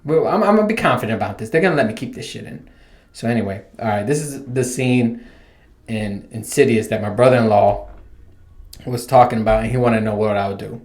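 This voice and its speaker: A man's voice: medium pitch, a little fast. A young man hosting a casual solo talk, joking and swearing as he retells a horror movie scene. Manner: joking, profane, acts out loud imagined lines to a ghost boy. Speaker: podcast host.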